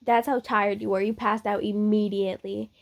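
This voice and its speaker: A woman's voice: mid-range voice, little pitch movement, vocal fry. A woman narrating a reader-insert story in a casual, chatty way. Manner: unhurried, chatty, with fillers.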